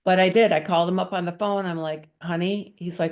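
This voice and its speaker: A woman's voice: on the low side, animated, brisk, hardly any pauses. A middle-aged woman giving an earnest personal testimony, acting out her past thoughts and conversations as she tells the story. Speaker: guest sharing her testimony.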